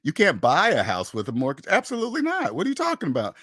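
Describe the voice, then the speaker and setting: A man's voice: a little high, wildly swooping pitch, brisk, long pauses, fairly bright tone, no room sound, clean studio sound. A man hosting a personal finance channel, delivering an emphatic, preachy monologue that repeats phrases and acts out imagined back-and-forth dialogues. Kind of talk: opinionated monologue to camera.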